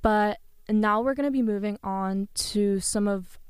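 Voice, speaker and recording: A woman's voice: mid-range voice, a little slow, clean tone, no room sound, clean studio sound. A woman hosting a music playlist, reading a poem aloud and then chatting casually and modestly about the next songs. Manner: chatty, self-effacing. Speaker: host presenting a playlist. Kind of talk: poetry reading and casual spoken commentary.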